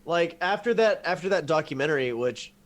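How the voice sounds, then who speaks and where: Brief: American guy, podcast co-host, a touch high-voiced, trips over his own sentence starts. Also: expressive, fairly quick. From southern United States. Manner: stammering, repeats words when starting sentences. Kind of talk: casual banter podcast. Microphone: desk podcast mic.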